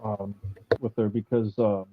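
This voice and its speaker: A man's voice: lowish voice, flat delivery, a little slow, phone-quality sound, crowd noise. Hesitant, joking male host. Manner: hesitant, joking, full of ums and likes. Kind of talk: casual chat.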